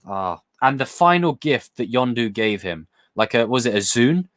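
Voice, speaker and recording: A young man chats live with his audience in a slightly low voice. He rambles from one thought to the next, gets excited easily and swears without a second thought. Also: moderate pace, hardly any pauses. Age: young adult. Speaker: livestream host reading chat questions. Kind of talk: casual live chat.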